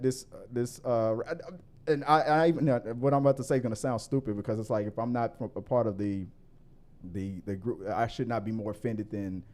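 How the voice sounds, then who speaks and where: A man hosting a casual movie talk show, rambling with many restarts and growing more animated as he argues his point. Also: mid-range voice. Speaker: podcast host.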